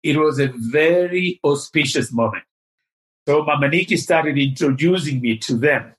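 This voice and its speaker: A man's voice: on the high side, normal speed, low-quality recording. Older man telling a story. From Tanzania. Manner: animated, acts out the voices in his story. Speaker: guest. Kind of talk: storytelling in an interview.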